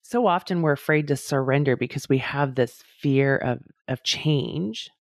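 A woman podcast host asking gentle, probing questions and rephrasing them as she goes. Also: a bass voice, unhurried, no room sound, studio quality. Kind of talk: interview questions.

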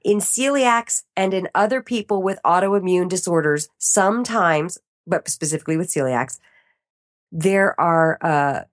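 This is a woman with a fairly low pitch, speaking a little slowly. She's a guest on a podcast in informal interview chat, lively and prone to laughing as she reenacts how she responded.

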